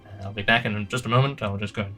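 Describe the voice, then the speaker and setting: Man putting on a prim air-spirit attendant, courteous, faintly condescending, bright clear tone, light music underneath. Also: lowish voice, steady tone, fast talker. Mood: fussy. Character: fussy polite male air-being servant.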